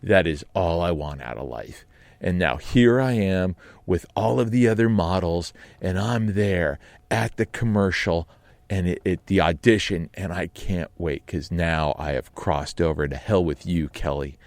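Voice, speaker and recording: A man's voice: deep voice, unhurried, dry recording. A man telling a comic story in a radio studio, in a theatrical, self-mocking way. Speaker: storyteller guest.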